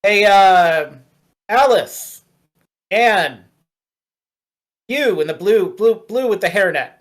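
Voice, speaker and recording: A weary burger joint manager who grumbles and mutters his way through a phone call and his gripes about his pay, as a game master puts him on. His voice sits at an ordinary middle pitch. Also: measured pace, lightly acted. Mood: grumbling.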